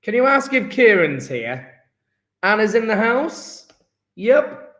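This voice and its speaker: A man's voice: high voice, big pitch swings, slow pace, fairly bright tone, roomy sound. A man, a chemistry teacher chatting upbeat and jokey with his class as he takes an online register. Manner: upbeat, joking, chatty with students.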